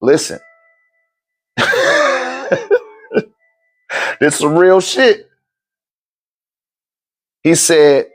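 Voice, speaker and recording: A man with a high voice that swings wide as he tells an animated personal story at a live talk. He talks loosely and with plenty of profanity. He slips into the voices of the people in his tale as he goes. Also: extremely slow, creaky, pauses often, husky. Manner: acts out the other people's voices while telling the story, casual and profane.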